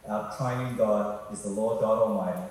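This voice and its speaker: A man's voice: on the low side, steady tone, moderate pace, a little mellow, slight background noise. A man preaching a sermon, talking in a conversational way and putting questions to the congregation. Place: church hall. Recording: echoey hall from far off.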